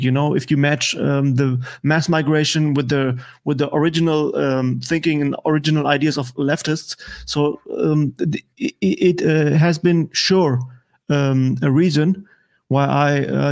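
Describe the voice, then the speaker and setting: German guest, non-native English, fairly high male voice, halting and filler-heavy. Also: a little mellow. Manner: halting, many fillers and restarts. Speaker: guest political commentator. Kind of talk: casual interview chat.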